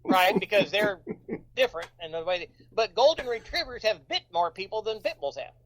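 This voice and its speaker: A man, a coroner guest in casual chat, halting and hedging with restarts. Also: sits high, sing-song, a bit bright, poor audio.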